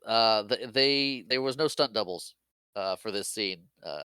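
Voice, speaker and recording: A man with a lowish, bright voice talks casually through a movie recap and trades fun facts. His tone is smooth and clear, recorded dry and close. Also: no room sound. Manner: chatty, shares fun facts, quick laughs. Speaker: podcast co-host.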